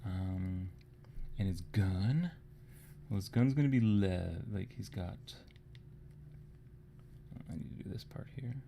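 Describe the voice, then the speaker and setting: A man's voice: low-pitched, slow, vocal fry, long pauses, noisy background. A man casually talking through a live miniature painting tutorial, thinking aloud and sometimes dropping to a murmur.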